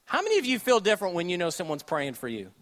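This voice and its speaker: A man preaching a sermon with a Southern US accent, joking with the congregation, then dropping to a hushed, slow delivery. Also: high-pitched. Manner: animated, jokey asides, shifts between loud and hushed delivery. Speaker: pastor.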